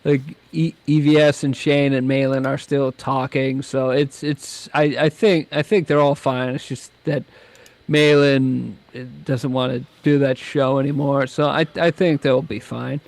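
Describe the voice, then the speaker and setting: A man's voice: mid-range voice, level tone, unhurried, gravelly, no echo. Dry-voiced male guest, rambling and blunt. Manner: rambling, many restarts, blunt and profane. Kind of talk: casual chat.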